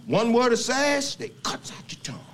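An actor playing a menacing older male plantation servant who speaks in a slow, threatening drawl, in a film clip. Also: very high-pitched, wildly swooping pitch, a bit bright, slight background noise, heavily acted. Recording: faint film soundtrack ambience.

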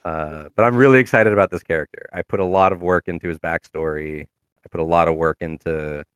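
Man, very low voice, smooth, casual rambling chat, dry close sound. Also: fairly quick, no echo. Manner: rambling, full of fillers and restarts. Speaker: tabletop game player.

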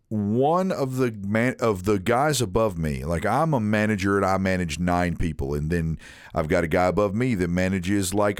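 A man's voice: fairly low pitch, smooth, dry recording, clean studio sound. A young man co-hosting a casual podcast, telling funny work stories and laughing between lines. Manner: laughing storyteller, blurts jokes. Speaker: podcast co-host.

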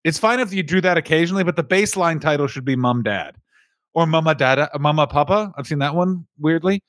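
A man's voice: on the high side, fast, a bit bright, dry recording. A man co-hosting a comedy podcast, rambling through the history with jokes. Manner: rambling, jokey, slips into silly character voices. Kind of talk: comedic casual chat.

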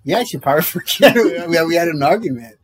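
A man's voice: a little high, expressive, fast talker, husky. A man on a podcast telling a rambling, self-deprecating story in casual chat, laughing often.

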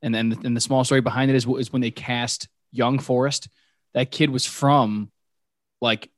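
Lively man on a dry call mic. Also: mid-range voice, moderate pace, no room sound. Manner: animated, laughing, acting out quotes. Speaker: podcast co-host. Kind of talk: casual movie podcast chat.

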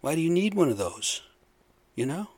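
A man's voice: fairly high pitch, very animated, normal speed, darkish tone, breathy edge, dry recording. Casting: fired-up, foul-mouthed man ranting on his own, dry close sound. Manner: profane, worked-up, rambling. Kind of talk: casual rant.

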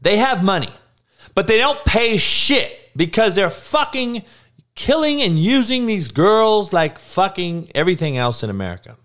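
A man's voice: high-pitched, sing-song, normal speed, fairly bright tone. A man hosting a live podcast, ranting bluntly with constant profanity, repeating lines for emphasis and calling out listeners by name. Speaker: podcast host.

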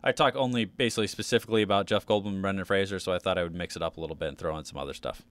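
A man's voice: sits low, very fast, dry recording. A man co-hosting a casual podcast, rambling through topics with lots of fillers and restarts. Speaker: podcast co-host.

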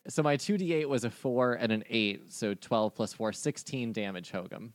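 A man running a tabletop game as game master, laid-back and laughing often, slowing down to count dice rolls. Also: mid-range voice, no room sound.

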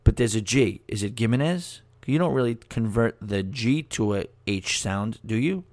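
A man's voice: lowish voice, lively intonation, moderate pace, a little mellow, dry recording. A man hosting a casual solo podcast, rambling, joking and laughing at his own asides. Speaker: podcast host.

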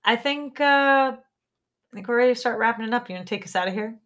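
Bright, animated woman hosting a podcast. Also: fairly high pitch, fast talker. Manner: animated, laughing, swears freely. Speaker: podcast host. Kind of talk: casual podcast chat.

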